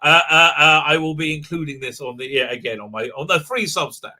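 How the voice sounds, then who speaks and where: A man's voice: fairly high pitch, brisk, bright, forceful tone. A man hosting a casual live stream, talking in a rambling way with many fillers, restarts and frequent laughs. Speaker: livestream host.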